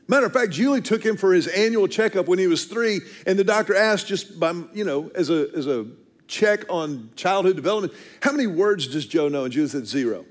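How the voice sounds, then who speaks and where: High-voiced man preaching a sermon. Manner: storytelling, slows down to stress key phrases. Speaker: pastor.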